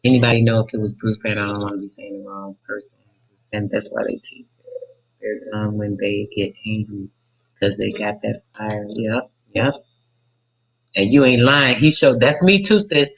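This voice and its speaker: A man's voice: on the low side, steady tone, fairly quick, fairly bright tone, rough recording. Talkative man hosting a live stream. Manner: loose, talkative, fillers and self-corrections. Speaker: radio show host. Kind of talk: casual live-stream talk.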